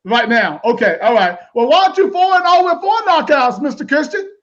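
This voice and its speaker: Male live-show host, high voice, talkative, dull streamed audio. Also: sing-song, fairly quick, a bit bright. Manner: chatty, repeats words, laughs easily. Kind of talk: live online interview show.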